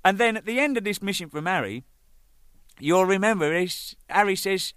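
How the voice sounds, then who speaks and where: A man's voice: sits high, normal speed, clean tone, no room sound, studio quality. A man, a band's drummer, telling casual anecdotes with lots of swearing and laughter. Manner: animated, swearing, laughing, acting out exchanges. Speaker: band's drummer recalling its singles.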